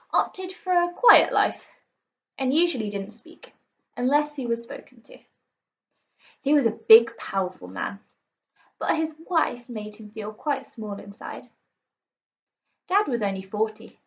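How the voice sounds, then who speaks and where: A woman teacher reading a children's book aloud to pupils, expressive and playful. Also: a little high. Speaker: primary school teacher. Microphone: recorded for an online class video. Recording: slightly muffled lo-fi recording.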